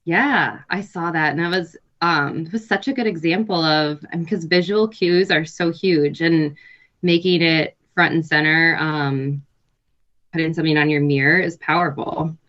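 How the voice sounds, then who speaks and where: A woman in her thirties, a nurse and health coach, chatting relaxed in an interview, laughing often and pausing to think. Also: low voice, dull audio. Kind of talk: casual interview chat.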